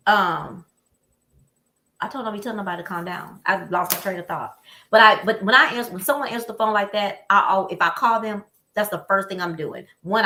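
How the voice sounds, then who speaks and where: Woman w/ chatting, bright voice, animated storyteller, echoey room. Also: mid-range voice. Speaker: podcast co-host. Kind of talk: casual chat.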